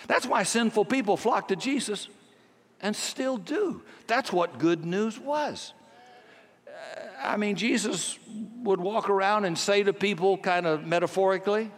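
An older man preaching a sermon, telling a story with a voice that swings from hushed to emphatic. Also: on the high side, big pitch swings, moderate pace, in a large hall. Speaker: pastor.

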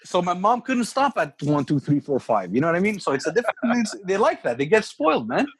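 A man co-hosting a casual podcast chat, animated, often repeating words and acting out what family members say. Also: high voice, quick pace, husky. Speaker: podcast co-host.

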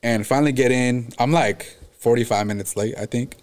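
A man's voice: mid-range voice, moderate pace, darkish tone. A young man telling a story in casual chat, slangy and full of cursing and "like" fillers. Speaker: podcast guest telling a story.

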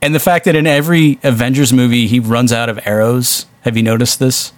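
A man's voice: medium pitch, fairly even intonation, fairly quick, dry recording. A man co-hosting a podcast in casual chat, wisecracking and laughing often between his riffs. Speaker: podcast co-host.

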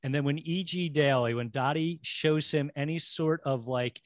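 Brief: male podcast host, lively storyteller, dry close sound. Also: a little high, normal speed, no room sound. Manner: animated, laughs, mimics characters. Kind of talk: casual film discussion.

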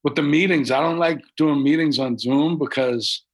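A man's voice: on the high side, moderate pace, husky, rough recording. Boston-accented man chatting from home. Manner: laid-back, rambling with fillers. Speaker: podcast guest, rapper and actor. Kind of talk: casual interview chat. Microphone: video call from home.

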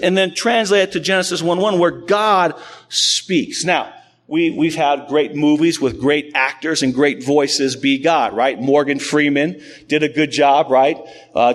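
A man pastor preaching a sermon to a congregation in an animated, conversational, storytelling way. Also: fairly high pitch.

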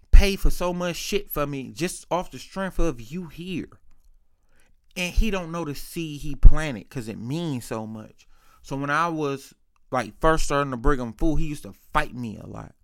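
A young man telling a personal story in a loose, rambling, slangy way, often quoting others and clearing his throat now and then. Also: a little high, lively intonation, normal speed, a bit bright, dry recording, studio quality. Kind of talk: casual storytelling.

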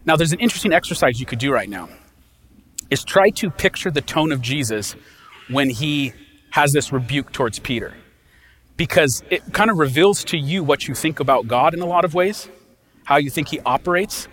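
A man's voice: fairly high pitch, normal speed, a bit bright. A man preaching a sermon as a pastor, talking in a conversational way and often checking in with his listeners.

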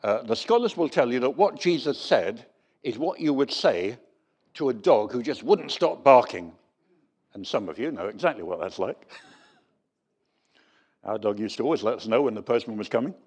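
Lively, wry preacher, man. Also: medium pitch, normal speed, long pauses, husky. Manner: lively storytelling with wry humour. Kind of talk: sermon.

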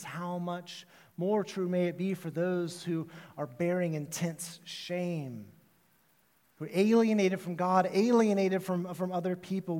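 Male pastor, high voice, preaching in a church with long hall reverb, chatty storyteller. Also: a little mellow. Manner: storytelling, conversational with quick asides. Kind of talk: sermon.

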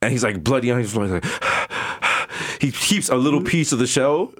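Male podcast co-host, animated pitch, quick comic riffs with voices. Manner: riffing, acts out voices with high yelps and low growls. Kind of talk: casual comedic banter.

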